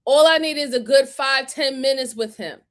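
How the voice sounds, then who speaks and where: High-voiced woman in heated commentary. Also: normal speed. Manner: heated, profane, emphatic. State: furious, near tears. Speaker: video commentator. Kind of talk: reaction commentary on crime footage.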